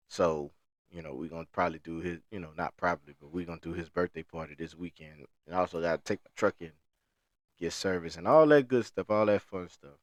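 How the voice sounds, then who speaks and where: A man's voice: deep voice, dry recording. A man co-hosting a podcast, talking in a loose storytelling way full of slang. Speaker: podcast co-host. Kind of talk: casual podcast chat.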